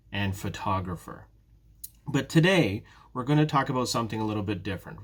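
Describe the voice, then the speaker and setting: Man teaching a slow, careful English lesson. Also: fairly low pitch. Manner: slow, careful, repeats words for students. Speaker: ESL teacher. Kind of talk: prerecorded beginner lesson.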